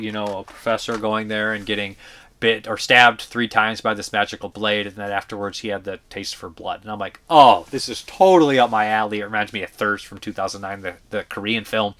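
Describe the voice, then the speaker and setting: In a casual vlog, a man gives blunt, profane, rambling movie reviews, full of fillers and restarts and opinionated talk. His voice is on the low side, bright, with a forceful tone.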